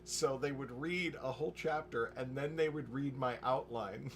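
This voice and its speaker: A man talking casually while streaming his writing session, rambling with restarts and quick asides. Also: medium pitch, slight background noise. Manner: rambling, with frequent restarts and chuckles. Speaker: novelist livestreaming his writing. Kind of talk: casual livestream chat.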